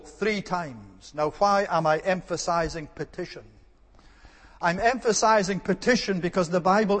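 High-voiced preacher in a long-echo hall. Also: male voice. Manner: earnest emphatic preaching, repeats key words. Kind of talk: sermon.

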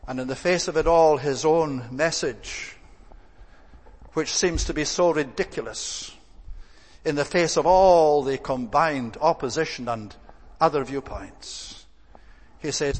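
Man preaching in a reverberant hall. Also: mid-range voice. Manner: earnest, measured preaching with emphatic repetition. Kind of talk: sermon.

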